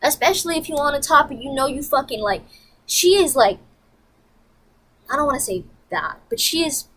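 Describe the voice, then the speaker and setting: A woman vlogger telling a story in a profane, animated, emphatic rant. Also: high-pitched, moderate pace, poor audio.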